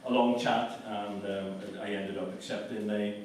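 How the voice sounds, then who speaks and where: A man's voice: on the low side, flat delivery, unhurried, a little mellow, slight background noise. A man giving a conversational, self-mocking talk to an audience in a lecture hall. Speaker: guest speaker. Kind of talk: anecdotal public talk. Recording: echoey hall from far off.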